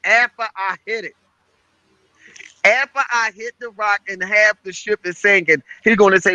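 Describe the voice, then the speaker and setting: Animated storytelling man, bright crude slang. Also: high voice, moderate pace, no room sound, highs cut off. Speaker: podcast co-host. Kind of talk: casual gaming chat.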